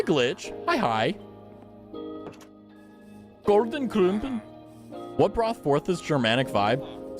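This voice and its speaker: A man streaming a game, chatting casually and playfully stumbling through foreign words with frequent giggles. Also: fairly high pitch. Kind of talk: casual live game commentary.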